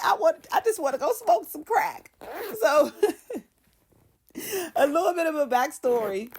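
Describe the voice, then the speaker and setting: A woman chatting through a TV episode recap in a casual commentary. She tells it as a lively storyteller, slipping into the characters' voices and laughing along the way. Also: mid-range voice. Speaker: TV show commentator.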